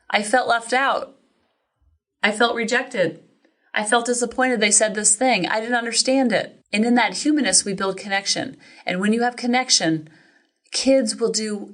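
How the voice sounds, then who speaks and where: Chatty woman podcast host with animated quotes. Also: medium pitch. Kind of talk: casual solo podcast storytelling.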